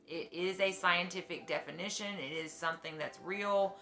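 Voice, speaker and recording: A woman's voice: fairly low pitch, moderate pace, pushed and bright, faint music behind. A woman streamer chatting casually at home, swearing freely and oversharing. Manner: profane, oversharing. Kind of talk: casual chat.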